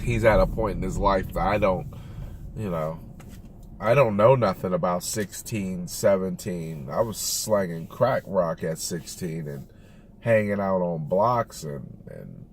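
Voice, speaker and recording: A man speaking slowly and candidly in a reflective personal monologue, recorded with loud car noise around him. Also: low voice, lively intonation. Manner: slow, thoughtful, candid. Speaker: realtor talking about family.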